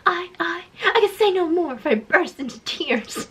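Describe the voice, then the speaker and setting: A woman's voice: very high voice, animated, normal speed, hardly any pauses, low-quality recording. A young woman reading her old childhood story aloud, amused, with joking asides and dramatic voices. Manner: amused, reads with dramatic voices, cracks up laughing.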